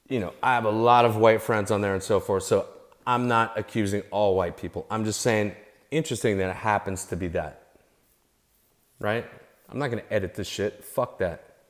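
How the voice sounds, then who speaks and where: A man ranting unscripted to his followers, heated and profane, repeating himself and restarting his phrases as he gets worked up. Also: lowish voice. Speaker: vlogger. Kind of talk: unscripted angry rant to camera.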